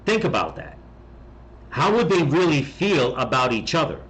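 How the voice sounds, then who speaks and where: Man, political commentary host, somewhat high voice, blunt, heated, profane, rambling. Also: sing-song, normal speed, a bit bright, low-quality recording. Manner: blunt, heated and profane, with frequent restarts and "okay?".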